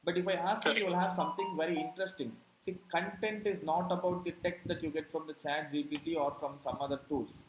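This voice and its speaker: A man's voice: on the high side, steady tone, fast, hardly any pauses, reverberant, faint music behind, low-quality recording. A man teaching digital marketing in a classroom, explaining through rhetorical questions and frequent checks like "correct?". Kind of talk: classroom lecture.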